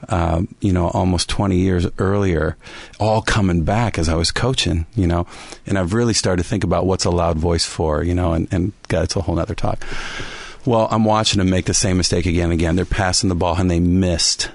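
Male podcast host, low gravelly voice, dry close sound, animated self-mocking storyteller. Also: brisk, dry recording. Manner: animated storyteller, laughs often at himself. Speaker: podcast co-host and basketball coach. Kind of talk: storytelling chat on a faith podcast.

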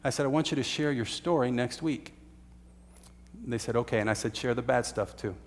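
A man's voice: medium pitch, fairly quick, big-room sound. A man preaching a sermon, telling a story earnestly with uhs and restarts. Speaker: pastor.

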